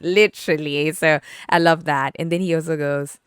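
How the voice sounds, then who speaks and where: A woman's voice: low voice, steady tone, normal speed, few pauses, clean tone, no room sound, studio quality. A woman hosting a podcast, chatting casually about an album, filling her talk with "like" and breaking into sung lines. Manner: chatty, says "like" a lot, sings lyric snippets. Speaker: podcast host. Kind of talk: casual album review chat.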